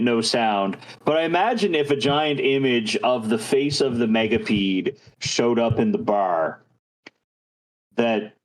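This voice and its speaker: A man's voice: medium pitch, low-quality recording. Hesitant man playing a tabletop game. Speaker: player.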